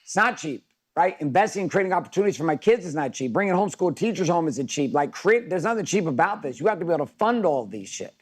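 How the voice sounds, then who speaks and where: Middle-aged guy coaching a workshop online, casual and swears a lot, voice a bit on the high side. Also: expressive, fast, husky. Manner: casual, profane, storytelling. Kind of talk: live virtual workshop talk.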